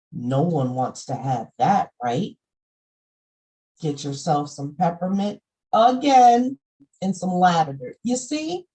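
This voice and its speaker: A middle-aged woman shares spiritual lore about essential oils in a casual monologue. Her voice is warm and mellow, and she takes her time. Her folksy chat breaks now and then into emphatic bursts. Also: deep voice, low-quality recording. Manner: folksy and conversational, with sudden emphatic outbursts.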